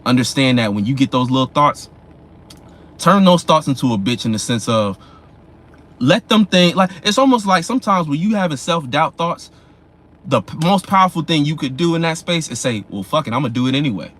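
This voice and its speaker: A man's voice: on the high side, expressive, normal speed, fairly bright tone. Loose, profane man giving astrology talk. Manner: loose, profane, street-slang delivery; keeps asking "you know what I'm saying". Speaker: astrology vlogger. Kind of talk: casual astrology commentary.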